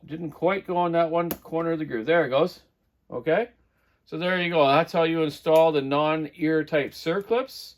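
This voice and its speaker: A middle-aged man giving a casual hands-on repair demonstration in his workshop, rambling and correcting himself as he works. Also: fairly high pitch. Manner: rambling, talks while working, self-correcting. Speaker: chainsaw repair host. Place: home workshop.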